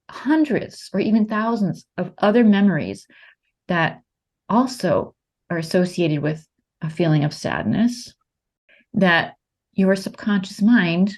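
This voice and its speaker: A woman hosting a podcast, explaining her method to a guest in a calm, coaching way. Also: on the low side. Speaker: host, practitioner of the method.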